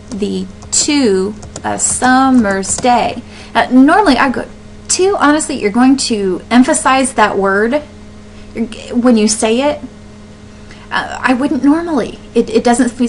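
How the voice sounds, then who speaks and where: A woman teacher explaining poetry step by step, sounding words out slowly to show where the stress falls. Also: on the high side, a little hiss or hum, low-quality recording. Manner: explains step by step, with fillers and restarts. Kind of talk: classroom lesson on poetry.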